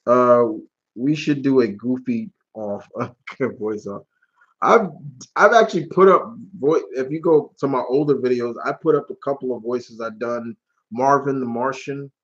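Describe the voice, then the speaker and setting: A man's voice: mid-range voice, animated, slow pace, a bit bright, lo-fi sound. A man hosting a live question-and-answer stream, chatting casually and rambling, with free swearing. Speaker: channel host.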